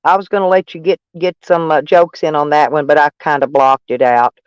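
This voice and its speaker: A man's voice: on the high side, steady tone, fairly quick, clean tone, dry recording. A man from Arkansas with a Southern accent hosting a casual live stream, rambling and joking at his own expense while reading viewer comments. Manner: rambling, joking and self-mocking, breaks into laughs.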